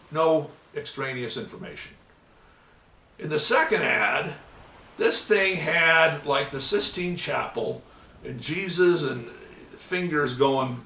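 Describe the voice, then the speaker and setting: A man lectures to a hall, his bright voice slightly raised and carrying. He sits a little away from the mic, so the room rings around him. He acts out both sides of a phone call and breaks into loud bursts. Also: fairly high pitch. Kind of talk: storytelling lecture. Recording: roomy hall, mic at a distance.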